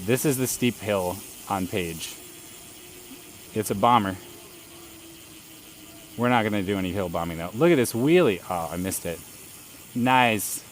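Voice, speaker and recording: A man's voice: fairly low pitch, slight background noise. Chatty man streaming from a bike. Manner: chatty, laughs often, reads out viewer names. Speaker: bike livestreamer. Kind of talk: casual live-stream chat. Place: outdoors riding a bike on city streets. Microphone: camera rig on the bike.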